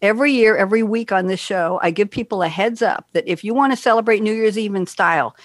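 An older woman from Queens, New York, hosts a radio talk show, chatting casually and telling stories with bubbly asides. Her voice is mid-range and fast, with no echo.

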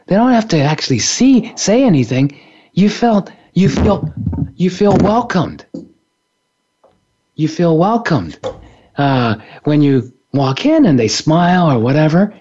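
A man's voice: sits high, big pitch swings, measured pace, darkish tone, slightly rough, highs cut off. A man, an author and spiritual teacher, giving a playful, reflective talk on a radio show and laughing often. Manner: playful, laughs often, acts out little scenes.

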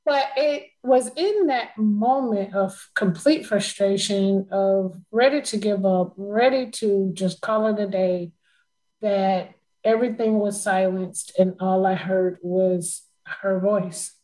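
A woman telling a personal story in casual conversation, emotional and open, laughing often. Her voice sits at a middle pitch for a woman. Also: slow, darkish tone, low-quality recording.

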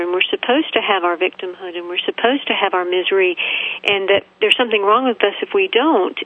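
A woman's voice: medium pitch, dry recording. A woman interviewing her guest in an affirming, emphatic manner. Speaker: radio host. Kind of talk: interview conversation. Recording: dry tinny phone-like radio audio.

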